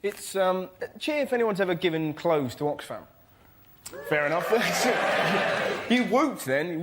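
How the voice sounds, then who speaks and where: A man doing energetic stand-up on a panel show, breaking into loud impressions in front of a studio audience. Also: sits high, takes it slowly, very noisy. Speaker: comedian.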